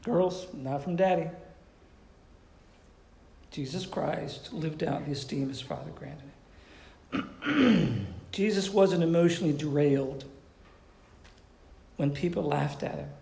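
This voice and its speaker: A man's voice: fairly high pitch, takes it slowly, creaky, long pauses, a little mellow, echoey room. A man preaching a sermon in a conversational way, often asking his listeners questions. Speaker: pastor.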